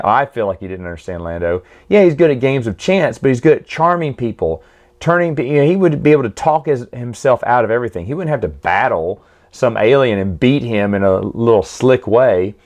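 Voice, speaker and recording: A man's voice: medium pitch, animated, normal speed, darkish tone. A man casually reviewing comics and stories in a chatty, opinionated way, often correcting himself mid-sentence.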